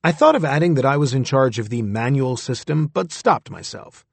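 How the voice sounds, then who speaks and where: A man with a husky voice narrating a story in the first person, in a close, dry recording. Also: medium pitch, expressive, normal speed, few pauses, no echo. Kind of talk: scripted audiobook narration.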